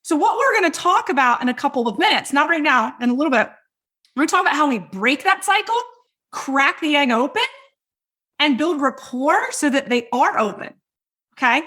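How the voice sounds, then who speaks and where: A middle-aged woman hosting a podcast, coaching listeners on sales in a loud, hypey, direct way. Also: high voice, animated, brisk. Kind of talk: energetic teaching monologue.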